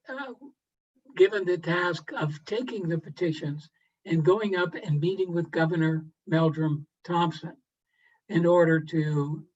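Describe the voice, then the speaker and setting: A man giving a relaxed storytelling lecture to a garden club, unhurried, with frequent pauses and throat clearing. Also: on the high side, dull audio. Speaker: guest presenter to a garden club. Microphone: video call microphone.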